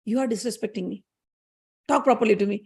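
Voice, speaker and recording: Goddess of knowledge, calm turned angry, scolding her husband, as a woman storyteller puts her on. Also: a little high, quick pace, husky. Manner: reproachful, accusing.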